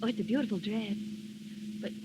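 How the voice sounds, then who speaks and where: A woman's voice: medium pitch, fairly quick, noisy background, lightly acted. An actress playing a shy, earnest young shop girl in a 1940s radio drama, with music behind. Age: young adult. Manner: timid, earnest.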